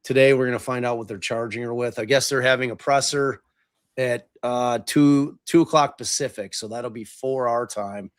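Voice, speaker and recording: A man's voice: mid-range voice, fairly even intonation, moderate pace, clean tone. A man hosting a podcast in casual chat, rambling with lots of swearing, fillers and restarts. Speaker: podcast host.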